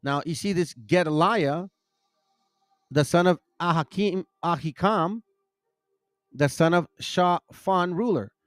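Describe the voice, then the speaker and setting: A man's voice: fairly high pitch, slow pace, long pauses, no room sound, studio quality, faint music behind. A man hosting a casual bible teaching talk, reading verses aloud, rambling and stumbling over names as he corrects himself. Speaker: bible teaching channel host.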